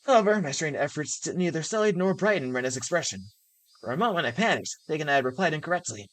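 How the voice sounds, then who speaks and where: A woman with a low voice streams a visual novel, reading its first-person text aloud at a fast pace. Between passages she laughs and reacts excitedly.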